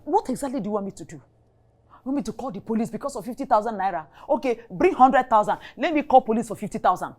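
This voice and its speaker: A woman's voice: a little high, expressive, fast talker, darkish tone. An actress with a Nigerian accent playing a tired, irritated middle-aged mother who scolds. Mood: exasperated. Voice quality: exasperated, scolding. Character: weary irritated mother who wants to rest. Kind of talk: Nollywood film acting.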